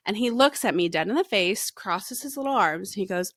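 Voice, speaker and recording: A woman in her thirties, a podcast co-host, telling stories in a casual chat with lively swearing and laughter. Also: medium pitch, a little fast, a little hiss or hum. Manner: animated storyteller, swears and laughs.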